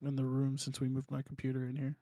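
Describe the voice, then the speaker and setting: Husky guy, gravelly and flat, teasing his buddy over games. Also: medium pitch, fast, dry recording. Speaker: gaming friend. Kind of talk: casual gaming chat.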